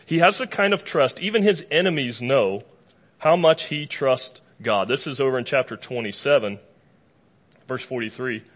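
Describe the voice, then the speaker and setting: A man preaching a sermon to a live congregation in a lively, conversational way, with casual asides and humor. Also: medium pitch, moderate pace. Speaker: pastor.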